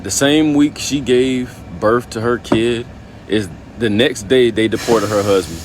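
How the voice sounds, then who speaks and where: A man's voice: medium pitch, measured pace, background noise. Heated man leaving a phone message. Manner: heated, profane, slangy. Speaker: caller. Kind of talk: voicemail call-in message.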